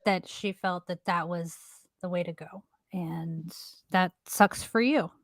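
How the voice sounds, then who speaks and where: A woman's voice: fairly low pitch, slow, dry recording. Woman in her thirties, co-host, casual podcast chat, frank and earnest, dry close sound.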